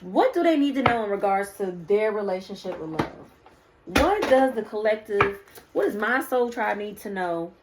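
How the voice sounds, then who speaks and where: A woman's voice: mid-range voice, lively intonation, normal speed, very noisy. A woman doing a casual spiritual card reading, preaching to her viewers and calling them "y'all" and "baby". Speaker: spiritual reader.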